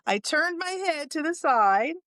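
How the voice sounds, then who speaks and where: A woman's voice: high voice, expressive, measured pace, a bit bright, no echo. A woman in her sixties hosting a podcast, telling a dating story in a humorous, candid way, with chatty asides and frequent laughter. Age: 60s. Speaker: podcast host.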